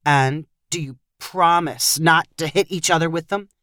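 A woman's voice: deep voice, normal speed, a bit bright, no room sound, studio quality. A woman reading aloud as a frustrated, thrifty father who snaps and grumbles. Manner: snappish, grumbling. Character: frustrated thrifty father, middle-aged man.

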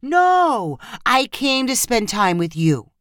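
A woman voicing a remorseful young woman apologizing to her friend, raising her pitch for the part. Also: big pitch swings, slow, no echo, clean studio sound. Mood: earnest.

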